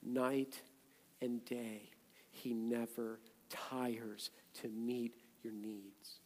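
A man preaching a sermon as a pastor, conversational and then loud and emphatic. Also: medium pitch, little pitch movement, drawn-out words. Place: church sanctuary. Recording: echoey hall, long reverb.

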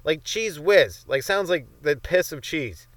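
A man's voice: fairly high pitch, expressive, a little slow, a bit bright, no echo. A young man hosting a comedy podcast, riffing in a loose, profane, rambling monologue full of fillers. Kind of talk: rambling stand-up style monologue.

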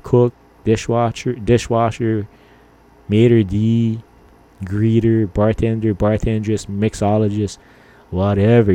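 A man's voice: on the low side, mellow. A man in his fifties hosting a podcast, chatting casually and rambling with mild swearing and lots of filler words. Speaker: podcast host.

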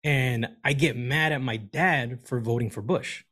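A man's voice: medium pitch, measured pace, a bit bright. A man calling in with a question, talking in a rambling, informal way with many fillers. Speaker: caller. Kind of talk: casual question to a guest.

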